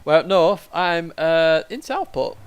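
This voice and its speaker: A man's voice: fairly high pitch, expressive, unhurried. A man commentating live on his own sim race and chatting with viewers, with mumbled asides as he drives. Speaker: sim racing streamer. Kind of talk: live gameplay commentary, reading chat. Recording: racing game engine noise behind. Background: car engine sounds from the game.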